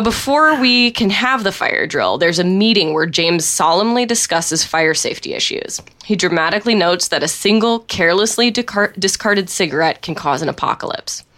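Lowish woman reading aloud wryly. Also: pushed and bright. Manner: laughs often while reading, wry. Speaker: co-host reading a story aloud. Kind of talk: reading a written story aloud.

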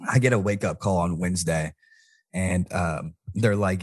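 A hoarse young man co-hosting a podcast, telling stories casually and swearing freely. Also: deep voice, brisk, no room sound, studio quality. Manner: swears freely, animated storytelling. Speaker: podcast co-host.

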